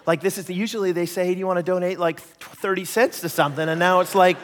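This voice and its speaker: A Canadian man preaching a sermon, an animated storyteller who acts out voices and jokes at his own expense. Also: high voice, quick pace, hardly any pauses, big-room sound. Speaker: pastor.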